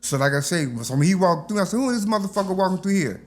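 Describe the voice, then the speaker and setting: A man's voice: high voice, expressive, racing. An older man, telling stories from his youth in a casual interview and acting out the voices. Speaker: interview guest.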